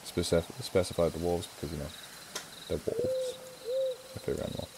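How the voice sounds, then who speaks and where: A man's voice: deep voice, fairly even intonation, rapid-fire, noisy background. A young English man chatting casually on a charity live stream, rambling and self-mocking. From England.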